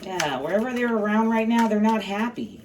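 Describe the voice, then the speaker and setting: A tarot reader gives a casual reading, blunt and profane, tossing in sassy asides. Her mid-range voice has lively intonation and a normal speed. The mic sits slightly distant, with faint background noise.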